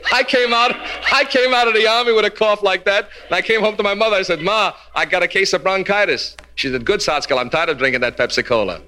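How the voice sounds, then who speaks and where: A man's voice: high voice, pushed and bright, a little hiss or hum. Brash man doing stand-up jokes. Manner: brash, teasing audience banter with Yiddish punchlines. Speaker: stand-up comedian. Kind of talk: nightclub stand-up routine. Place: live club before an audience.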